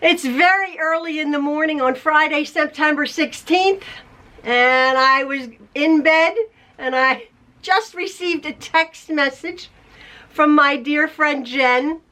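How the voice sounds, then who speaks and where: A woman's voice: sits high, takes it slowly, sharp tone. An older woman vlogging casually to camera about quilting, chatty and emotional, with frequent laughs, tired after an illness. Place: at home, later in her parked car.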